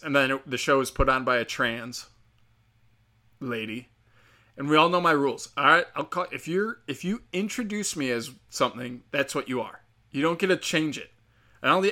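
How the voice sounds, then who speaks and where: A young man with a bright, forceful voice rants casually about the comedy scene. He talks bluntly and mockingly, swears constantly, and fills his sentences with "like" and "um." His pitch sits in an ordinary middle range. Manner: profane, mocking, blunt, filler-heavy. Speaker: stand-up comic. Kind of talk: casual storytelling rant.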